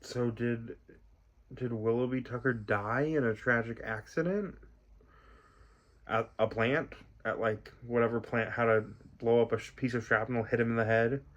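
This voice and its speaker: A young man hosting a music reaction video, talking in a soft, reflective way and rambling with many fillers. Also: medium pitch, steady tone, normal speed, lo-fi sound. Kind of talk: casual reaction commentary.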